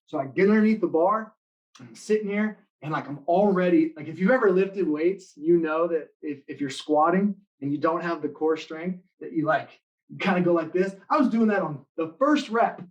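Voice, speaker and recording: A man giving a motivational talk to students in an online live session, telling stories with lively acted-out quotes. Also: a little high, normal speed, muffled recording. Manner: animated storytelling, acting out quoted lines. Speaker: motivational speaker.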